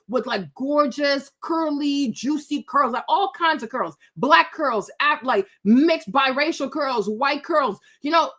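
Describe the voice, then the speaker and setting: A woman giving a blunt, animated opinion rant in a casual live-stream style, full of fillers and repeated words, talking back to her chat. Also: sits high.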